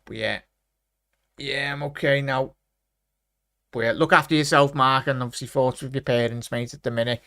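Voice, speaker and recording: A man's voice: medium pitch, fairly even intonation, moderate pace, vocal fry, long pauses, bright, forceful tone, no room sound, studio quality. A man hosting a football watchalong livestream, chatting casually and greeting viewers by name with "big up" and "mate". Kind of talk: casual live chat reading comments.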